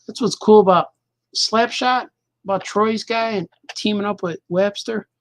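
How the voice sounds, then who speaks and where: A middle-aged cartoonist hosts a laid-back podcast, rambling and cracking loose jokes while half talking to himself as he draws. His voice is high-pitched and a little slow, and the recording is dry.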